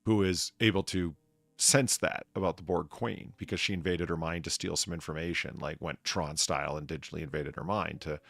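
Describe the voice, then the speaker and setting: Gravelly low-voiced ranting man. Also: fairly even intonation, fairly quick, a bit bright, no echo. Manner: ranting, profane, rambling with restarts. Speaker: podcast co-host. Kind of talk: casual chat.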